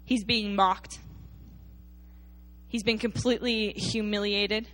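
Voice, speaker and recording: A woman preacher delivering a sermon to her church, retelling scripture with emphatic storytelling that drops at times to quiet intensity. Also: medium pitch, fairly even intonation, slow pace.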